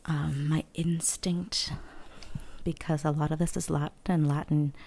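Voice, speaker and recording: A woman in a hushed ASMR show-and-tell, slipping in and out of a whisper close to the microphone. Her voice sits low, with a husky, breathy edge and a gravelly fry, and she talks gently, pausing with soft fillers as she thinks aloud. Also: flat delivery. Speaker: vlogger.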